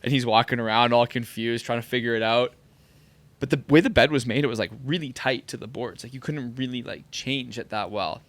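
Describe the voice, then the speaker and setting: Guy on a podcast telling funny stories, lots of "like", normal pitch. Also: brisk. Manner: animated storyteller, heavy use of "like". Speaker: podcast guest, former pro soccer player. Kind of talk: casual storytelling chat.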